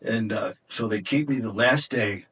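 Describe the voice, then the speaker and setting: A man's voice: on the low side, moderate pace, a bit bright, breathy edge. A middle-aged man and podcast guest telling an intense, emotional story in conversation, profane and at times choked up. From Detroit area, USA.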